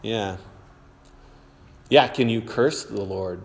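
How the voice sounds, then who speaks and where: A man's voice: lowish voice, slow, gravelly, crowd noise. A man leading an informal Bible class, chatty and rambling with lots of fillers. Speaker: church teacher. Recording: reverberant hall.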